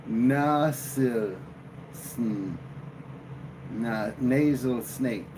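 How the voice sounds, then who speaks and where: A man hosting a live stream, chatting casually and joking with his viewers in a slow, drawling way. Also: mid-range voice, background noise. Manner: slow, drawling, jokey banter with chat. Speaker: livestream host.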